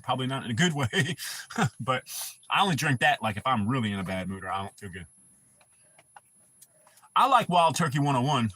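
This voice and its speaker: A man's voice: mid-range voice, expressive, a little fast, pauses often, pushed and bright, breathy edge. A man chatting casually on his livestream, telling rambling, profane stories. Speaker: livestream host.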